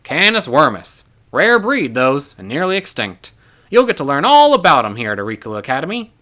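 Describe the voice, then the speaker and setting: A man voicing a cheerful middle-aged male professor with an Australian accent, speaking loudly and warmly. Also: a little high, huge pitch swings, a little fast, heavily acted. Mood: hearty. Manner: hearty, friendly, loud.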